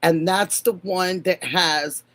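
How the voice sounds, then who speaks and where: An older woman hosting a live stream, warmly greeting viewers by name and calling them honey and sweetheart. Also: fairly low pitch, fairly even intonation, slow pace. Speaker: livestream host.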